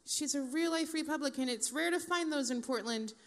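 A woman's voice: high voice, brisk. A woman in her forties doing a stand-up comedy set, with dry, profane, self-mocking asides to the audience.

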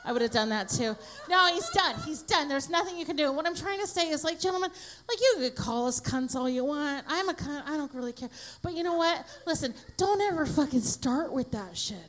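A woman's voice: high voice, lively intonation, brisk, fairly bright tone. A middle-aged woman stand-up comedian, brash and crude, laughing through her stories on a comedy club stage. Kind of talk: profane stand-up and stage interview.

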